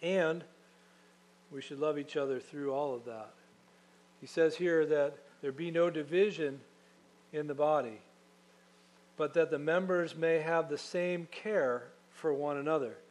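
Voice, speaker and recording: Pastor, male, slightly higher voice, earnest sermon delivery with emphatic peaks. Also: measured pace, pauses often. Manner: earnest preaching, reads scripture aloud, swells for emphasis.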